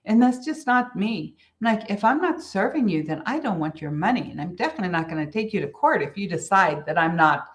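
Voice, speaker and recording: A woman business coach talks straight to her listeners in an earnest, conversational way. She circles back to repeat her main points and mispronounces some words along the way. Her voice sits at an ordinary middle pitch. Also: animated, a little fast, hardly any pauses. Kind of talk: solo business advice talk.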